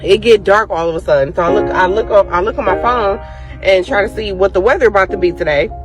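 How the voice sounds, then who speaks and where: A man in his parked car, telling an excited personal testimony in a rushed, animated way. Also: sits high, over music.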